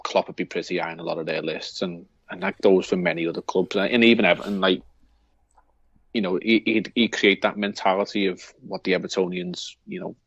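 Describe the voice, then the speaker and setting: A man's voice: low-pitched, steady tone, brisk, fairly bright tone, no room sound, dull audio. A man with a Liverpool accent co-hosting a football podcast, talking in a rambling way with many restarts. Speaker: podcast co-host. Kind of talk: casual football chat.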